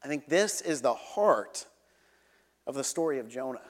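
Young guy giving a sermon, earnest, goes quiet and low to make a point, echoey hall. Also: animated, normal speed. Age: young adult. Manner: earnest, dropping to a low hush for emphasis. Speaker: preacher.

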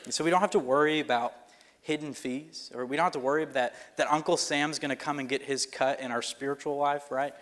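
A pastor telling a personal story in a sermon, in a loose conversational way with fillers and restarts. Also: male voice, a little high, steady tone, brisk, fairly bright tone. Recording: long reverb of a hall.

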